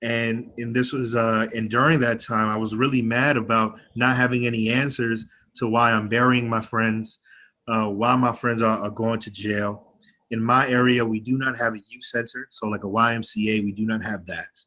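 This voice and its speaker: Over an online meeting, a young man with a twang, a county legislator, delivers a frank, stirring personal speech to activists, cursing freely. His voice is medium-pitched, pushed and bright, with a flat delivery at normal speed.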